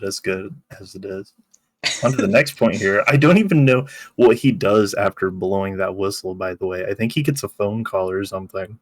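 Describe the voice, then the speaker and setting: A man's voice: fairly low pitch, no echo. A man co-hosting a podcast in casual chat, laughing often as he talks and acting out quotes. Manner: laughs while talking, acts out quotes. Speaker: podcast co-host.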